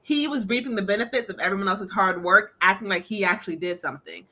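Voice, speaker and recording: A woman's voice: medium pitch, fast, sharp tone, lo-fi sound. A woman co-hosting a podcast, giving emphatic, heated opinions in a casual movie discussion. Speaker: podcast co-host.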